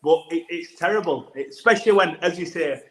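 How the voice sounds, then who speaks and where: A man chats casually on a podcast, his voice sitting a little high as he rambles through an anecdote with false starts. The room around him is echoey. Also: brisk, fairly bright tone. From England. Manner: rambling anecdotal storytelling with restarts. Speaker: rugby player guest.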